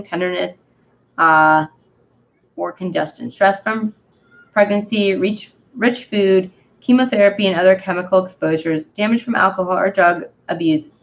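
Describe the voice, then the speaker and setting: A woman's voice: lowish voice, lo-fi sound, close to an everyday voice. A woman reading aloud as a dandelion plant that speaks of itself as a healer, listing remedies one by one.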